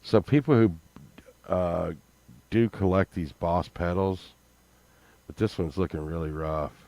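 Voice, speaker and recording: An older man doing casual reaction commentary, loudly exclaiming and swearing, then dropping to mutters. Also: low voice, unhurried, dry recording. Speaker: host.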